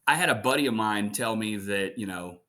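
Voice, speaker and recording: A man in his thirties, a voice actor guesting on an interview, telling family stories in an animated, chatty way. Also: on the low side, a little fast. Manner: animated storyteller. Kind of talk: casual interview chat.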